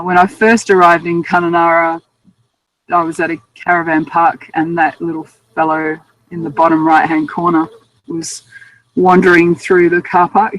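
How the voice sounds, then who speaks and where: Low-pitched and Australian, a woman recounts her travels as a guest author, chatty and amused at herself, in casual interview storytelling. The recording quality is poor.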